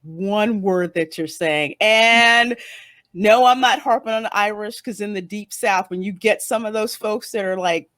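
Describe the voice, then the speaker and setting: A woman's voice: medium pitch, steady tone, normal speed, a bit bright, no room sound, clean studio sound. A woman with a Northeastern American accent hosting a casual interview, chatty and laughing often as she acts out what people say. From northern United States. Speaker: interview host. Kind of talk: casual online interview chat.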